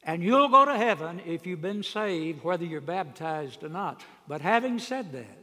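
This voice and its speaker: Man preacher, fairly high voice, folksy sermon with loud emphatic peaks, church hall reverb. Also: animated, normal speed. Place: church sanctuary. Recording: long reverb of a large hall.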